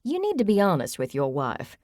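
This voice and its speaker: A woman's voice: mid-range voice, huge pitch swings, fairly quick, darkish tone, no room sound, studio quality, voice pushed up. A woman voicing a chatty, theatrical man who loves being the center of attention, reading a list aloud to friends in an audiobook. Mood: amused.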